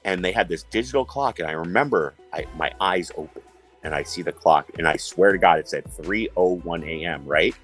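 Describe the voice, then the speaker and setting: A man's voice: low-pitched, fairly quick, a bit bright, faint music behind, rough recording. A man from New York hosting a casual chat, telling stories animatedly, swearing and acting out quotes. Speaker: host.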